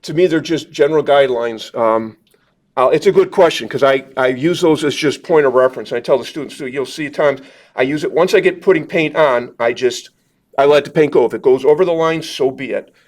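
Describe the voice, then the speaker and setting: A man talks through a watercolor demo at a club meeting. He rambles in a friendly, self-deprecating way and fills pauses with "um" and "uh" as he paints. His voice sits at an ordinary middle pitch. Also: darkish tone. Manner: chatty, rambling, self-deprecating, with many fillers. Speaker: watercolor instructor. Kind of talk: live painting demonstration with audience questions. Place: meeting room at a club gathering.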